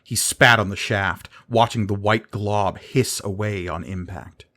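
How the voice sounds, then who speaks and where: A man narrating a fantasy audiobook in a measured, dramatic reading style. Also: lowish voice, sharp tone.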